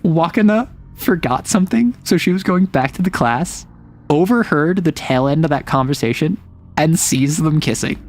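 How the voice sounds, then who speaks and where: Male streamer, casual chat, animated and rambling, slightly high voice. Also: normal speed, soft background music. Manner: animated, rambling, many fillers.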